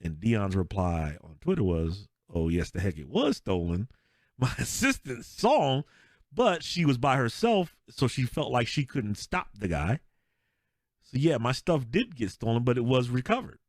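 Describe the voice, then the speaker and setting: This man speaks at a medium pitch and moderate pace in a dry, studio-quality recording. Co-hosting a podcast, he swaps casual sports stories, animated and laughing often as he acts out quotes.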